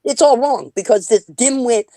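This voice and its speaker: Her voice is a little high and warm, at normal speed with no room sound. The middle-aged northern US livestream host swears liberally during casual chat, spinning stories and mimicking others.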